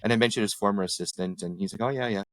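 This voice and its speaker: A middle-aged Canadian ward councillor, appearing as a podcast guest, swaps anecdotes in casual chat and slips into voices whenever he quotes someone. His voice is lowish and racing, captured in a dry, low-quality recording.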